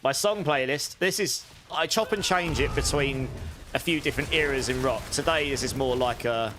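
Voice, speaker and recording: A man's voice: mid-range voice, noisy background. An English man chatting casually with his viewers during a live game stream, rambling and answering chat as he plays. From England.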